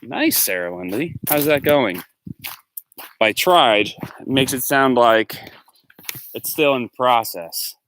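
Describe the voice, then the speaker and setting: A man's voice: medium pitch, lively intonation, slow pace, pauses often, a bit bright. A man casually chatting with viewers while walking outdoors, rambling from topic to topic and answering them by name. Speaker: livestream host and musician. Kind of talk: casual chat on a walk. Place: outdoors, walking through a neighborhood. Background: faint street noise, dogs barking in the distance.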